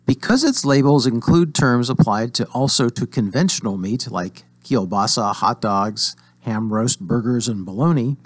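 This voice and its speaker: A man's voice: medium pitch, no room sound. A man reading his weekly legal news column as scripted commentary, full of dry sarcasm and rhetorical questions.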